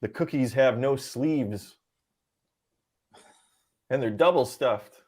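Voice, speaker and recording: A man telling one-liner jokes in a deadpan way as a comedy podcast co-host. His pitch sits in the middle range. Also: slow pace.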